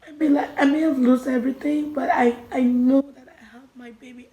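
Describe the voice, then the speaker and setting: A young woman recounting a personal story for her vlog, her fairly high voice often falling to a near murmur as she restarts sentences. She sounds emotional and halting. The room around her is echoey. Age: young adult. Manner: emotional, halting, many restarts and soft drops in volume. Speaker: vlogger.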